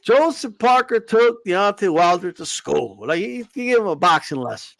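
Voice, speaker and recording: A man with a high, bouncy voice talks boxing in an easy, joking way. His tone has a gravelly fry to it. The sound is close and dry, with no room around it. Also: moderate pace, no echo. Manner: joking, animated, lots of "you know what I mean". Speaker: boxing podcast co-host. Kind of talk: casual chat.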